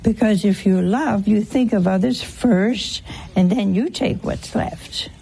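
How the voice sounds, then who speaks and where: A woman's voice: mid-range voice, takes it slowly, gravelly, mellow, slightly rough. A woman giving an informal sermon, teasing her listeners with rhetorical questions and humorous anecdotes. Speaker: religious teacher.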